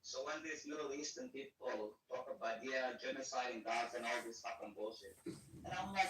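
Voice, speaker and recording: A man's voice: mid-range voice, expressive, moderate pace, fairly bright tone, a little hiss or hum. A man speaking as a guest on a podcast, heated and repetitive, swearing heavily. He is recorded in an echoey room with the mic at a distance. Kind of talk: profane political podcast chat.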